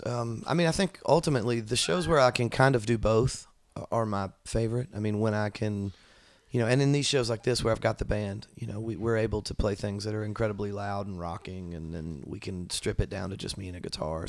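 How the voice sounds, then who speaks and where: A low-pitched man with a gravelly edge, chatting as a musician guest at a venue. He talks in an easygoing, reflective way and fills pauses with "um" and "I mean.". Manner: relaxed, thoughtful, many fillers. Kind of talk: casual interview chat.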